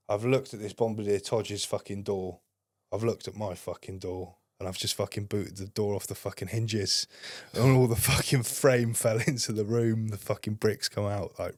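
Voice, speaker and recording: Podcast guest, young man, low-pitched and dry, swears constantly while he rambles through a story. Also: no echo. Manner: heavy swearing, rambling anecdotes. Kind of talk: casual storytelling.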